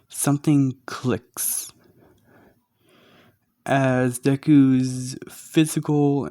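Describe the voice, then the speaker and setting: A man narrating a fan story in a halting, hesitant way, speaking quietly with a sore throat. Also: medium pitch, no echo, clean studio sound.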